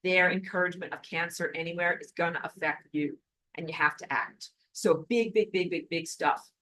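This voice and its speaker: A woman teaching a recorded online spiritual lesson and answering viewer comments, emphatic and animated, repeating words for stress. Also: on the low side, moderate pace, rough recording.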